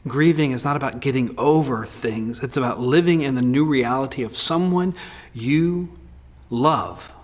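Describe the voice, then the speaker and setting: A male pastor preaching a sermon in a candid, humorous way with lively swings in delivery. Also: mid-range voice.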